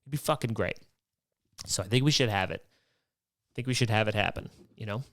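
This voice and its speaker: A young podcast host delivers a comedic rant monologue, rambling profanely and throwing out rhetorical questions. His voice is lowish and fairly bright, at normal speed, with no echo.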